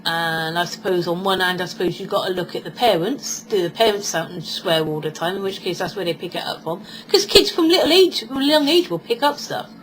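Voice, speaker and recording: A British vlogger in her forties talks a little fast and barely pauses, her voice fairly low. Her casual monologue meanders, often dipping into impersonations of others, and the poor audio includes slight background noise.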